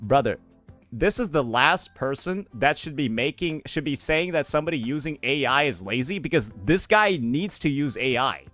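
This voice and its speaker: A man's voice: mid-range voice, lively intonation, moderate pace, a bit bright, faint music behind. A man giving a profane, exasperated reaction commentary, ranting about a video he is watching.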